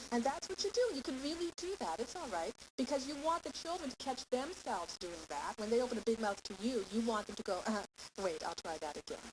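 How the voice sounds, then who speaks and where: A woman teaching a class of parents, lively and playing out little scenes of parents and children as she goes. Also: fairly high pitch. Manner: lively, acts out parent and child lines in quotes. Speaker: parenting educator. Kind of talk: live lecture to parents. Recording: steady hiss.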